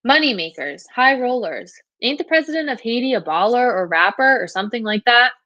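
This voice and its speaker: A woman's voice: fairly high pitch, lively intonation, fairly quick, pushed and bright, dry recording, highs cut off, voice pushed up. An easygoing teenage boy teases and chats casually, read by a woman in her own voice. The sound is dry and close. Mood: teasing. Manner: teasing, casual.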